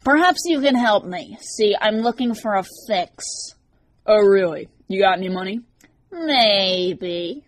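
A woman's voice: medium pitch, animated, unhurried, voice pushed up, close to an everyday voice. A woman doing a nasal, snickering young demon man. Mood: taunting. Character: sneering soul-eating young male demon.

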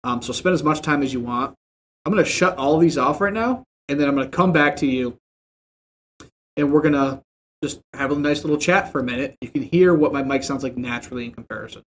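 A man's voice: medium pitch, brisk, a little hiss or hum. A man hosting a casual how-to video, chatty and informal, talking straight to the viewer from a home setup. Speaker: tech tutorial host. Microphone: desktop mic with processing plugins.

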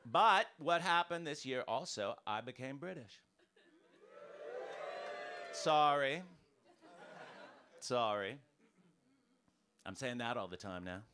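Ranting American stand-up comic, lively pitch. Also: male voice, takes it slowly, long pauses, crowd noise. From United States. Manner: ranting, animated, punchy delivery. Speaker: stand-up comedian. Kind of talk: stand-up comedy set. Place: comedy club stage. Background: audience laughter.

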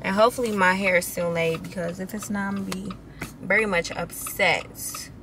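A woman's voice: mid-range voice, fairly even intonation, normal speed, noisy background. A young woman in her twenties from the Midwest, venting and swearing in a casual vlog to her phone camera. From Wisconsin. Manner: venting, exasperated, swears freely. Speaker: vlogger.

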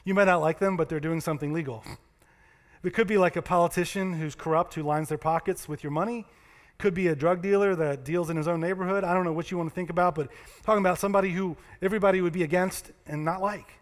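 A high-voiced man preaches a sermon at a quick pace with fairly even intonation, his voice trailing a long reverb tail through the church sanctuary. As pastor, he tells stories conversationally and acts out the voices of the people in them.

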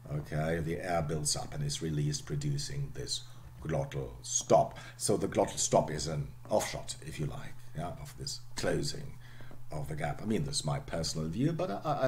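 A middle-aged man giving a university lecture, explaining patiently and dotting his talk with "okay" and "um". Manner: explanatory, frequent "okay" and "um", voice drops low at phrase ends.

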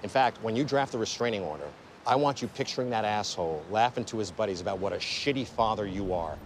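A man's voice: fairly low pitch, expressive, quick pace, a little hiss or hum. An actor playing a brash, anxious male lawyer who talks bluntly and emotionally. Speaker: law firm partner.

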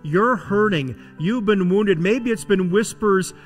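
A man preaching a sermon as pastor in a church, with dramatic delivery that swings between loud emphasis and hushed tones. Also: high-pitched, slow, in a large hall, soft background music. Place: church sanctuary.

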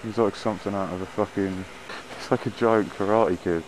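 Sweary biker ranting over traffic noise. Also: male voice, lowish voice, steady tone, brisk. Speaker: motorbike vlogger. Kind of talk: casual riding commentary. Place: riding a motorbike on town roads. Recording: noisy wind and traffic.

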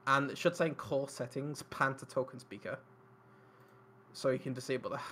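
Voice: medium pitch, steady tone, normal speed, fairly bright tone, a little hiss or hum. A game master running an online tabletop game, chatting casually, laughing often and easily flustered.

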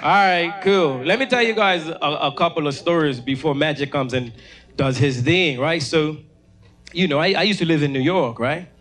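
A man from Bermuda with a Bermudian accent doing stand-up, telling a story on stage into a handheld mic and shouting other people's lines in high, loud voices. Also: normal speed, soft background music. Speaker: opening comedian. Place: comedy stage in a venue.

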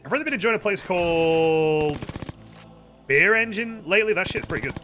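A man with a high, bright voice rambles through a casual live stream, swearing freely as he answers chat. His pitch swings all over the place, and faint music plays behind him. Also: expressive, normal speed. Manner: rambling, heavy casual swearing, chatty with viewers.

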